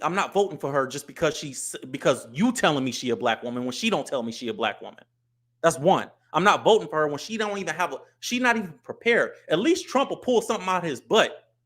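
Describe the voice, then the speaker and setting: Blunt, fairly high-voiced man ranting on a livestream. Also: fairly bright tone. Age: adult, married. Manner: blunt, emphatic, repeats his points. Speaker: livestream host. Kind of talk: casual livestream commentary.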